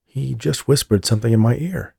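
A man voicing a charming male medium who speaks gently and reassuringly. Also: mid-range voice, fairly quick, vocal fry, breathy edge, dry recording, voice pushed up. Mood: soothing.

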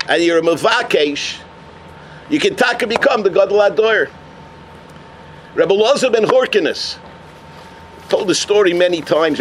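A man telling stories in a sermon as a Torah teacher, animated, with Hebrew and Yiddish terms woven into his English. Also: high voice, slight background noise. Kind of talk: sermon storytelling.

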